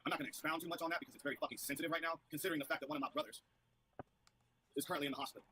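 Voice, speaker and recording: A man's voice: on the high side, steady tone, bright, forceful tone, a little hiss or hum, poor audio. A man defending himself in a heated interview, ranting angrily and swearing constantly. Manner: angry, profane, rapid-fire ranting.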